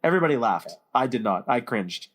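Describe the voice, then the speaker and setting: A man's voice: mid-range voice, very animated, fairly quick, a bit bright. A man hosting a casual movie podcast, opinionated and steering the chat with questions. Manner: opinionated, leads the discussion with questions. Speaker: podcast host.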